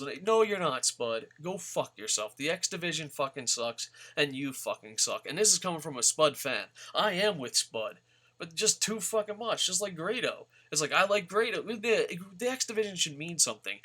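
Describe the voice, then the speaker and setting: A man's voice: mid-range voice, pushed and bright. A man ranting bluntly and profanely about wrestlers in a rambling vlog. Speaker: wrestling vlogger. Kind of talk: casual profane rant.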